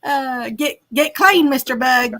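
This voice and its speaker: Woman, livestream host, bright tone, slightly high pitch, casual teasing chat. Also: slow pace, a little hiss or hum. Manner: chatty, teasing, reads viewer comments aloud.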